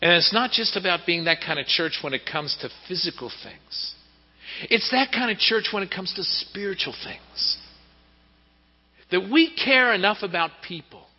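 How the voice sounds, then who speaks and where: A male pastor preaching a sermon, his voice fairly high and swinging widely as he tells a story. He stands in a church hall with a long echo. The recording sounds dull and muffled.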